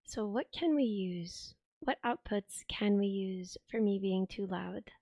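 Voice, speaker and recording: A young woman with a sick voice, chatting on a live stream, thinking aloud as she tinkers and thanking viewers with excitement. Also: medium pitch, slow, dry recording, clean studio sound. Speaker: livestreamer. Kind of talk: casual live stream chat. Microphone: desk streaming microphone.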